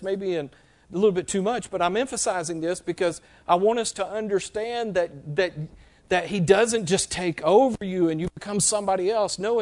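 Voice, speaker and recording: Middle-aged male pastor, slightly high-pitched, conversational teaching sermon with frequent check-ins. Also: a little mellow. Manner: conversational, checks in with listeners often.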